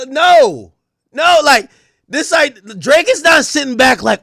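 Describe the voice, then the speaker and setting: A man's voice: extremely high pitch, animated, takes it slowly, gravelly, bright, forceful tone, dry recording, studio quality. A man hosting a stream, giving heated, casual commentary in an emphatic, slangy way and laughing often. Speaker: streamer host.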